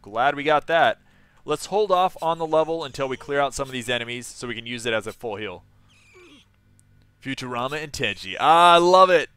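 A man's voice: medium pitch, a little fast, a bit bright, clear, resonant tone. A young man chatting casually on a live game stream, laughing often and reading viewers' messages aloud.

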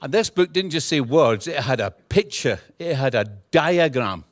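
A man's voice: fairly high pitch, moderate pace, no room sound, studio quality. A middle-aged man with a Scottish accent, preaching a humorous, storytelling sermon and acting out dialogue. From Scotland. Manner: humorous, animated, acts out dialogue. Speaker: guest preacher.

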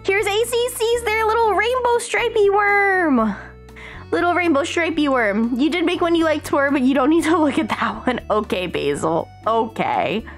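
A woman's voice: very high-pitched, animated, moderate pace, faint music behind. A woman hosting a casual live stream, chatting in a bubbly, gushing way with lots of slang. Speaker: streamer host.

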